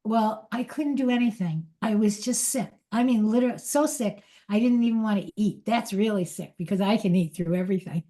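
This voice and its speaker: A woman's voice: medium pitch, brisk, hardly any pauses, mellow. A middle-aged woman leading a spiritual talk, candidly telling a personal story and often laughing at herself between restarts. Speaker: spiritual teacher.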